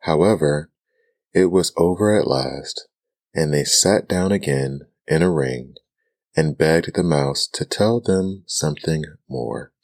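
A man reading a bedtime story in a soft-spoken ASMR style, calm and soothing, close to the mic. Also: extremely low pitch, slow.

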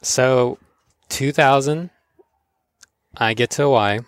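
A man's voice: mid-range voice, slow, clean tone, no room sound. Laughing surfer man telling stories. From Florida. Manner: laughing, animated, acts out voices in his stories. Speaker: podcast host, pro surfer. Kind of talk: casual storytelling chat.

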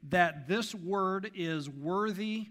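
Bright-voiced male pastor preaching. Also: high-pitched, very slow. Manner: emphatic preaching, drops to soft asides. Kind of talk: sermon.

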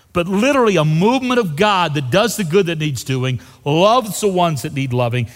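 A male pastor preaching a sermon, emphatic and dropping to hushed lows on key phrases. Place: church sanctuary. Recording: long reverb of a church hall.

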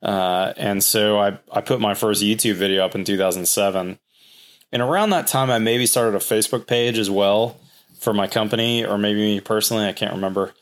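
Low-voiced man telling stories on a podcast. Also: a little fast. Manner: rambling, animated retelling with acted quotes. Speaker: guest, home builder. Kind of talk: casual podcast storytelling.

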